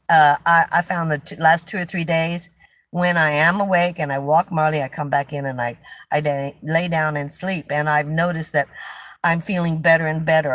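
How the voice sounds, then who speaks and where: A woman's voice: sits low, slight background noise, low-quality recording. Chatty woman in her seventies. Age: 70s. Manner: rambling, chatty, laughs often. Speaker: vlogger hosting a live stream. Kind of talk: casual storytelling chat.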